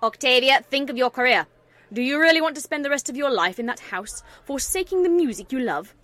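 A woman voicing an anxious, pushy older mare mother, speaking in a louder, insistent way. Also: high-pitched, animated, brisk, no room sound.

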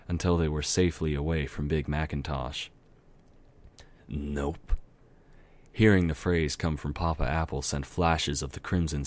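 A man reading a dark fantasy story aloud, narrating steadily and now and then correcting himself. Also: extremely low pitch. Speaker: amateur story reader. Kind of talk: dramatic reading of fan fiction.

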